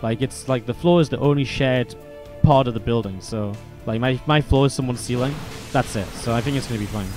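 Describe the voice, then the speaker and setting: A man's voice: mid-range voice, fairly quick, few pauses, a little mellow, faint music behind. A man streaming and casting a strategy game, chatting casually at a desk microphone. He rambles and swears freely, with lots of filler words. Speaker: StarCraft caster and streamer. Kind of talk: casual stream chat over game commentary.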